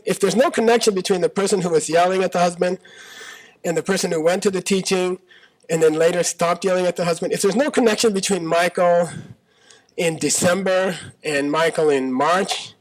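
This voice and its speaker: A man's voice: high-pitched, a little fast, poor audio. A man teaching a Buddhist talk to a live audience in a small auditorium, conversational, often checking in with "okay?" and arguing through questions. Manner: argues by voicing debating partners in questions.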